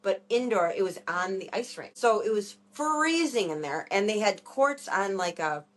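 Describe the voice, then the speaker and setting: A woman co-hosting a podcast in casual chat, telling lively stories and laughing often. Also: mid-range voice, normal speed. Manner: animated storyteller, laughs often. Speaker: podcast co-host.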